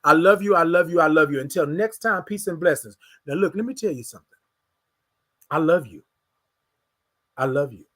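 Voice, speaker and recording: A man's voice: a little high, moderate pace, pauses often, fairly bright tone. A man hosting a motivational morning show, talking in a repetitive, preacher-like, encouraging way. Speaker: host.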